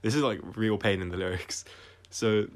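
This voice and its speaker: Lowish-voiced guy chatting about his songs on a stream, soft, keeps restarting and trailing off. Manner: reflective, halting, with frequent restarts. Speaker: singer-songwriter explaining his songs. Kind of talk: casual livestream commentary.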